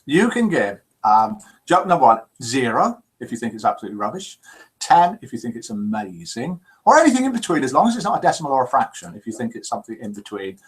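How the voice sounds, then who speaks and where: A man hosting a live call-in show, in a jokey, lively manner, chatting and reading out listener messages. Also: medium pitch, fast talker, husky.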